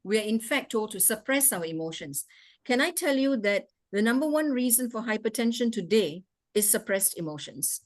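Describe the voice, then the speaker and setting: A woman's voice: a little high, animated, moderate pace. A woman doctor giving an interactive talk with questions and answers over a video call, emphatic and fond of repeating rhetorical questions.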